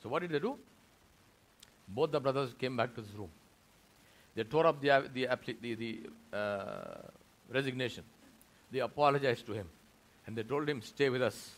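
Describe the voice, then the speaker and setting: Pausing often, an Indian man with a medium-pitched voice speaks at normal speed during a Friday sermon in a mosque. His storytelling is animated, and he acts out the voices of its figures.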